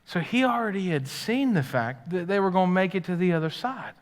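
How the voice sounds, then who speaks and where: A man preaching a live sermon as pastor. His delivery swings from loud, excited stretches down to hushed, quiet ones. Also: high-pitched, a little fast. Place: church sanctuary. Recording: live church hall with long reverb.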